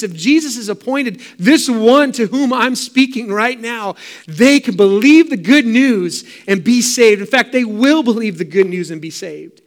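A middle-aged male pastor delivering a sermon with fervent, emphatic repetition. His voice sits notably high for a man. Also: lively intonation, measured pace.

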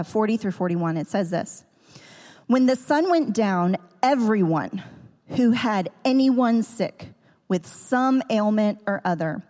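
A woman teaching a sermon earnestly, slowing down to stress key words. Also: medium pitch, dark tone. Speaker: preacher. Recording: long hall reverb.

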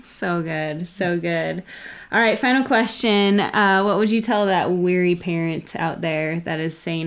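A woman host asking interview questions in a soft, measured way. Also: on the low side, clear, resonant tone. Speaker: podcast host.

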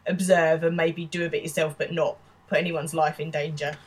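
A woman's voice: low voice, flat delivery, fairly quick, slightly rough. A woman chatting through a TV episode on a casual podcast, hedging with fillers and laughing easily. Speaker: podcast co-host.

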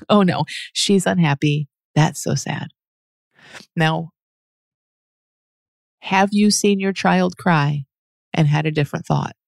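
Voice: mid-range voice, vocal fry, no echo, studio quality. A speaker answering a listener's question in a reflective teaching monologue, patient and earnest, reasoning aloud and often restarting sentences. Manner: laughs softly mid-sentence.

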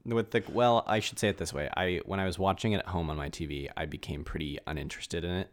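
A man co-hosting a casual chat, musing and relaxed, with lots of filler words. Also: low voice, fast. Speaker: podcast co-host.

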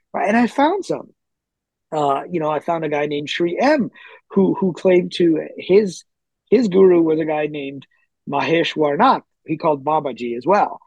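A man being interviewed, telling stories in a chatty, animated way with lots of fillers and restarts and the odd chuckle. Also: a little high, normal speed, no room sound, poor audio. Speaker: interview guest. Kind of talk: casual storytelling in conversation.

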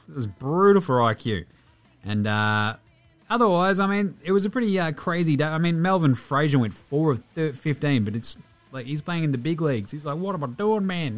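An Australian man hosting a basketball podcast, reeling off numbers with jokes and the odd swear word. His pitch swings around a lot as he talks, with faint music underneath. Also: fairly bright tone. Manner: jokey, sweary, rattling off stats. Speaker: podcast host. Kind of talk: casual sports podcast chat.

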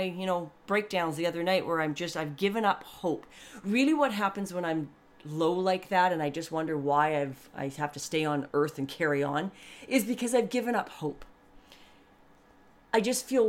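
Podcast host, woman, a touch low in pitch, candid rambling monologue with lots of asides. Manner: chatty, rambling, with many restarts and asides; warmly earnest and grateful.

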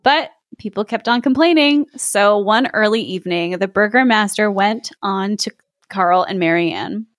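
A woman's voice: mid-range voice, unhurried, no room sound, clean studio sound. A woman reading a folktale aloud in a casual chat, often laughing and breaking off to comment. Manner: giggly, reads with lively interjections. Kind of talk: casual podcast chat with read-aloud story.

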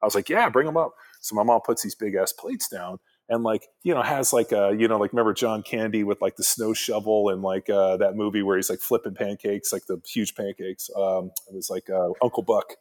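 A man's voice: lowish voice, brisk, few pauses, darkish tone. A man in his forties, a former pro football player, telling stories in a laid-back, rambling way full of fillers. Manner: laid-back, rambling with many "like" fillers, acts out quoted voices. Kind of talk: casual storytelling chat.

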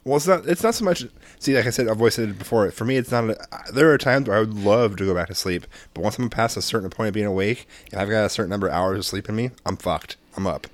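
A man casually telling rambling, profane stories in a relaxed chat, laughing often. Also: on the low side, fast, few pauses, no room sound.

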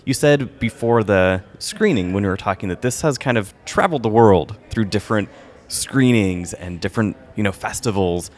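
A male interviewer with a lowish voice. He keeps his prompts short and encouraging and asks his questions in a relaxed way. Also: normal speed. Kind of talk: interview conversation.

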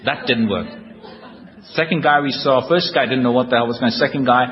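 A man's voice: mid-range voice, fast. A man giving a humorous personal recovery talk to a live audience, telling his story with wry, self-deprecating storytelling. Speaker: guest speaker at a recovery convention. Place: large hall before a live audience. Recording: dull lo-fi hall recording with noise.

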